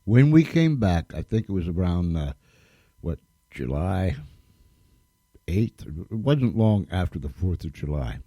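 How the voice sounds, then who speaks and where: A man with a low, mellow voice hosts a radio show at an unhurried pace. He talks in a folksy, emphatic way and leans on repeated thanks. The sound is close and dry. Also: very animated, dry recording. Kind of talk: casual radio talk.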